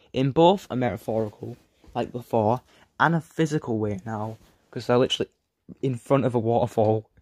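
Man reading a review script in a flat voice. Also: mid-range voice, no echo. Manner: reads flatly from a script, often trails off and restarts. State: sore throat. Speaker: video reviewer.

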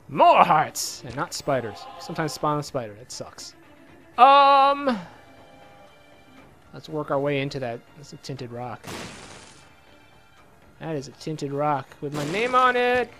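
A man casually commenting on his own gameplay, excitable and swearing a lot, with a slightly hoarse voice. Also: a little high. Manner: excitable, swears a lot, sudden loud outbursts. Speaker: let's play gamer.

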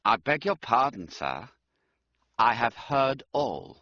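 Man doing a stiff, deadpan valet. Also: medium pitch, slow, no room sound, lo-fi sound, full character voice. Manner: formal, clipped, dry and unbending. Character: stiff, haughty male valet, adult.

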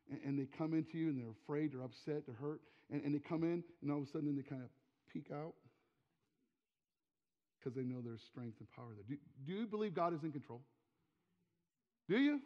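A man in his forties with a high voice preaches emphatically, repeating words for stress and then falling quiet and close. The recording is dull and lo-fi, and the long reverb of a church hall trails his phrases. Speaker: pastor. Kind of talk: sermon. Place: church sanctuary.

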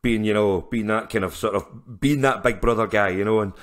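This man, a musician guesting on a podcast, has a fairly low voice and a brisk delivery. He spins stories in a chatty, casual interview, with plenty of laughter and many restarts.

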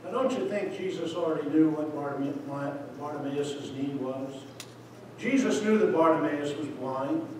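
High-voiced preacher in an echoey church. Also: male voice, normal speed, a little hiss or hum. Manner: impassioned, swinging from loud to hushed. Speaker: missionary preacher. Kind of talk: sermon. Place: church sanctuary. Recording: echoey hall, voice from far off.

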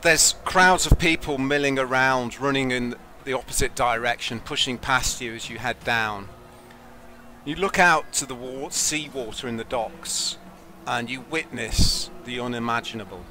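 A man narrating a tabletop game as game master, in slow atmospheric description. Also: medium pitch, sharp tone, a little hiss or hum.

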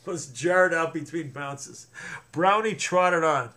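A man's voice: a little high, takes it slowly, sharp tone. A man reading a children's book aloud, stopping to explain things to young listeners.

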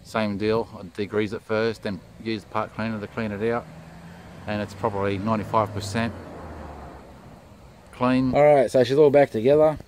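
A man giving a casual step-by-step commentary on a car repair. He talks in a relaxed way with many "uh" fillers, and his voice drops quieter while his hands are busy. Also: on the low side, normal speed, a little hiss or hum, poor audio. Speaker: DIY car mechanic.

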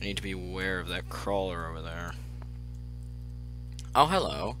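A young man commentating his own gameplay, muttering to himself and then breaking into excited yelps. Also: deep voice, normal speed, soft background music. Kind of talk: let's play commentary.

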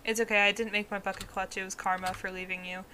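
A woman's voice: mid-range voice, flat delivery, fast talker, pushed and bright, a little hiss or hum. A woman streaming a video game, chatting casually in a playful, goofy, self-mocking way. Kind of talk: casual gaming chat.

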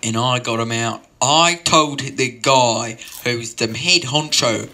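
Very bright-voiced rambling male comedian. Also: medium pitch, slow pace, slight background noise. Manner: rambling, deadpan, with many digressions. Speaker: open-mic comedian. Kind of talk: absurdist stand-up storytelling.

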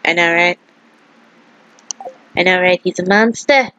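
A woman's voice: fairly low pitch, measured pace, sharp tone. A woman giving playful, teasing commentary over a farming game and reading the characters' lines. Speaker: gamer, let's player. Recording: slightly dull lo-fi audio. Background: faint game music.

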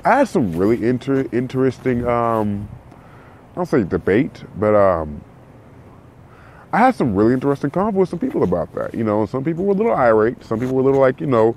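A man's voice: medium pitch, big pitch swings, brisk, darkish tone. A man from California hosting a casual solo podcast, rambling with lots of restarts and repeats in a slangy way. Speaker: podcast host. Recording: faint background noise.

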